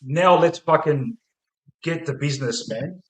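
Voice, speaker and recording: A man's voice: fairly high pitch, unhurried, noisy background. A man with an Australian accent hosting a casual footy stream, swearing often and padding with "mate" and "man". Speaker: host of a fan stream.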